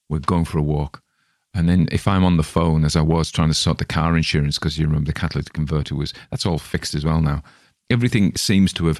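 A man's voice: a bass voice, creaky, darkish tone, no room sound, clean studio sound. A middle-aged man, talking through his week in a chatty, self-deprecating monologue full of restarts. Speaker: podcast host. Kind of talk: casual rambling monologue.

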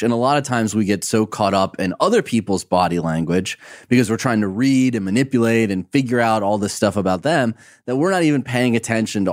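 A man hosting a podcast, chatting casually and guiding the talk with questions. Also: fairly low pitch. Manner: conversational, leading the talk with questions. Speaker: podcast host.

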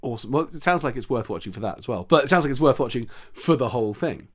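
A man co-hosting a casual chat, chiming in with quick wry remarks. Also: mid-range voice, expressive. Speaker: podcast co-host.

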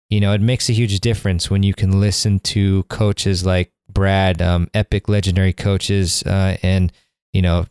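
A man's voice: on the low side, darkish tone, clear, resonant tone, dry recording, clean studio sound. A man hosting a podcast, talking in a rambling, enthusiastic way with lots of fillers and restarts. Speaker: podcast host. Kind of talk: casual conversational intro and interview.

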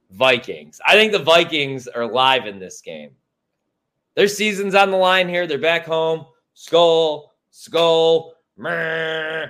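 A man from Chicago hosting a casual sports talk show, swearing freely with strong opinions. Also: mid-range voice. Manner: profane, animated and opinionated. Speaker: sports radio host.

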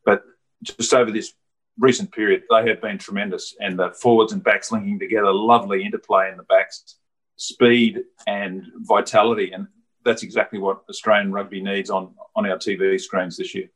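A man giving measured rugby analysis on a sports talk panel, pausing often with fillers. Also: fairly low pitch, little pitch movement, fairly bright tone, slightly rough, rough recording. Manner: measured, hesitant with many ums. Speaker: rugby pundit. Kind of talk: studio sports discussion.

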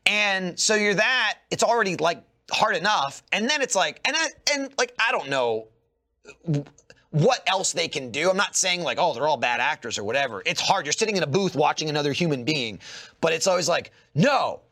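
Animated, bright-voiced man co-host. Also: high-pitched, normal speed. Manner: animated, profane, mimics voices in quotes. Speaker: podcast co-host. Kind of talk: casual chat.

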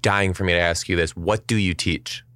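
A man hosting a casual interview who reacts with quick, enthusiastic remarks. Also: sits low, steady tone, fairly bright tone, no room sound. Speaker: podcast host.

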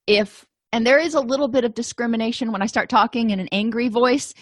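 Woman, counseling lecturer: chatty and explanatory, mid pitch, dry close recording. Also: fairly bright tone, dry recording. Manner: conversational, explains with everyday examples and asides. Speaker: counselor and podcast host. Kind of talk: recorded continuing-education lecture.

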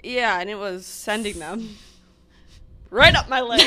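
A woman's voice: medium pitch, takes it slowly, very noisy. A young woman co-hosting a podcast, chatting casually and laughing easily. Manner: giggly, animated. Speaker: podcast co-host. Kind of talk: casual chat.

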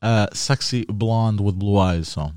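A man in casual chat, recalling a story in a halting, sheepish way with many fillers. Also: lowish voice, darkish tone, dry recording, studio quality.

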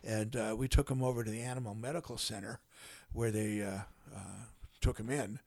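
An older man, a guest on a podcast, telling a long story in an unhurried way with many pauses and some dry humor. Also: on the low side, fairly even intonation, darkish tone, no room sound. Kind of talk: casual storytelling in a podcast conversation.

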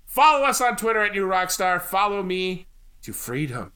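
A man's voice: high-pitched, big pitch swings, moderate pace, pushed and bright. A man hosting a comedic game show podcast over a video call, playful and theatrical. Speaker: podcast host.

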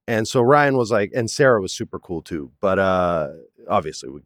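A man's voice: deep voice, normal speed, no echo, studio quality. A man in his forties, an actor guest, telling stories in a casual interview and acting out the quotes. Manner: animated storyteller, acts out quotes, says "man" often. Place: studio, in person.

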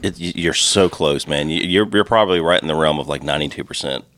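A man hosting a podcast from his home, chatting in a rambling, relaxed way and swearing freely. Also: a bass voice, fast talker, no room sound. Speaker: podcast host. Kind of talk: casual chat. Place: room at home.

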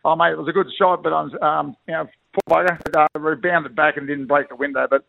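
Speaking fast with a fairly high, level voice and some vocal fry, this middle-aged Australian ex-rugby league player chats casually by phone as a radio guest. He tells blokey, slangy stories that ramble and restart, and the tinny, dry phone line has no room sound.

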